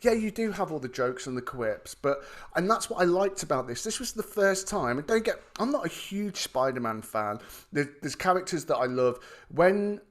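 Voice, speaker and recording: Chatty podcast co-host. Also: male voice, fairly high pitch, moderate pace. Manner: animated, swearing, enthusiastic storytelling. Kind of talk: casual chat.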